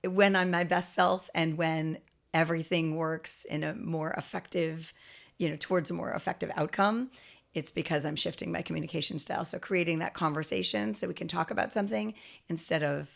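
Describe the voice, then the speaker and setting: A middle-aged woman talks as a podcast guest, earnest and explanatory, restarting her sentences as she goes. Her voice sits a little low with a gravelly edge. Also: steady tone, a little fast. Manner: earnest, explanatory, with frequent restarts and light laughs. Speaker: guest, autism expert. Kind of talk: podcast interview.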